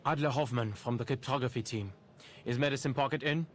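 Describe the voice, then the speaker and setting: An actor playing a composed young male cryptographer in a game, speaking in a measured, dry manner. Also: mid-range voice, close to an everyday voice. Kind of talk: game voice acting.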